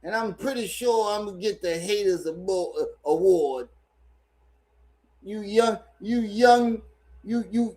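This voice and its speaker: A man's voice: high voice, measured pace, a little mellow. A man with ranting in a teasing, mock-jealous, repetitive way. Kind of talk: comic rant clip.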